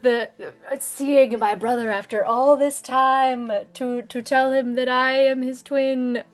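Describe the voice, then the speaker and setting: A woman's voice: high voice, little pitch movement, slow pace, voice pushed up. A woman voicing a fretful, melodramatic king in a tabletop game, with breathless, swooning sighs. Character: fretful dramatic young king.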